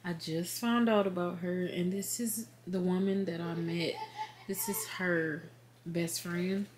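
A woman's voice: lowish voice, fairly even intonation, unhurried. A woman talks in a chatty, heartfelt way, sitting on her bed as she vlogs from home. She tells stories in a casual, friendly way and acts out bits of conversation. A faint hiss sits under the recording. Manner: chatty and heartfelt, retelling with quoted dialogue. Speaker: vlogger, work-from-home mom. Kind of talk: casual faith vlog chat.

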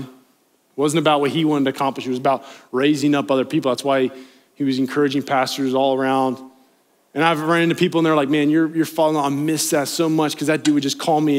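A young man preaching to a live congregation in a church sanctuary, his voice sitting a little high for a man. He talks in an earnest, conversational way, leaning into pleading emphasis as he urges his listeners on. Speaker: youth pastor. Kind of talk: sermon.

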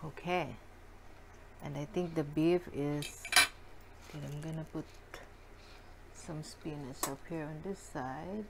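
A woman cooking at home and chatting to her viewers, giggly and excitable. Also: sits low, slow, vocal fry, pauses often, very noisy. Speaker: cooking vlogger. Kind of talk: casual cooking chat to viewers. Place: home kitchen.

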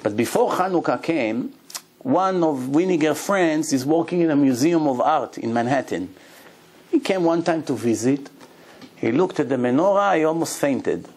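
A man's voice: fairly high pitch, normal speed, husky. A middle-aged man, a rabbi, telling stories in a sermon and acting out the voices of the people in them. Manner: animated storyteller acting out quoted voices. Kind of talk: storytelling sermon.

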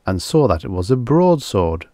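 Male audiobook reader, low voice, very expressive pitch; classic sci-fi storytelling. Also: normal speed, no echo, clean studio sound. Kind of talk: scripted narration of vintage science fiction.

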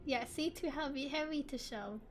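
A woman streaming a game, giving live commentary, frustrated and swearing constantly as she yells orders at the characters. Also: high voice, normal speed, faint music behind.

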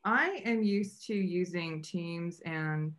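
A woman's voice: on the low side, slow pace, a bit bright. Chatty woman hosting a video call. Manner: chatty, many restarts and fillers. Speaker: meetup co-founder and host. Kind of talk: casual welcome remarks on a video call.

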